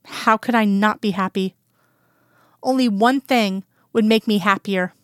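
A woman voicing a sleepy, affectionate woman lover in a storybook reading, soft and teasing. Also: mid-range voice, unhurried, smooth, no room sound, clean studio sound, lightly acted. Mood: teasing, tender.

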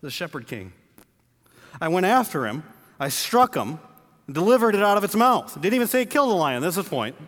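Male pastor, lively jokey sermon delivery, fairly high voice, long room reverb. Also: normal speed. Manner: animated, jokey storytelling with acted-out voices. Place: church building.

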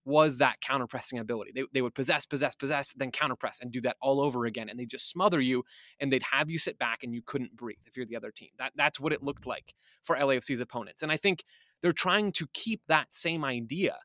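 A man's voice: mid-range voice, fast talker, pushed and bright, no room sound, clean studio sound. A man talking as a guest analyst on a podcast, thoughtful and speculative, often restarting his sentences.

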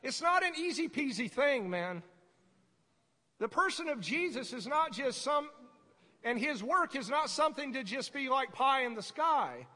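A woman preaching a sermon in a conversational way, breaking into sudden shouted bursts. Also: sits high, animated, measured pace. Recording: echoey hall.

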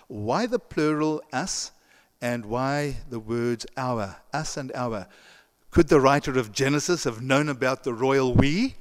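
A man's voice: medium pitch, measured pace. A male pastor giving a sermon in a conversational way, with chuckling asides and frequent restarts, and an English accent that is not American. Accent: non-American English. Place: church sanctuary. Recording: long church reverb.

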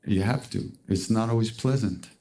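A man's voice: lowish voice, normal speed, warm tone. A man giving a spiritual talk in a conversational, earnest way, often restarting his sentences. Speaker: spiritual teacher.

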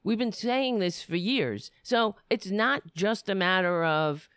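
A political talk host speaking slowly and deliberately, each point pressed home with rising emphasis. The voice is smooth and clear, recorded close and dry with no room sound. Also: expressive, a bit bright, no room sound. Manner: emphatic and deliberate, pitch rising on key words. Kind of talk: opinionated political commentary.

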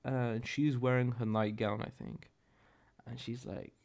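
A man's voice: medium pitch, level tone, measured pace, gravelly, a little mellow. A young man hosting a podcast, telling a story in a rambling, profane, self-correcting way. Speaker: podcast host. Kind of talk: casual solo podcast storytelling.

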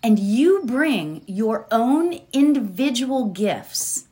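A woman giving a slow, gentle inspirational talk that moves into a guided meditation. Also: a little high, big pitch swings. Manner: slow, gentle, drawn-out phrasing with soft laughs. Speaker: spiritual speaker leading a meditation.

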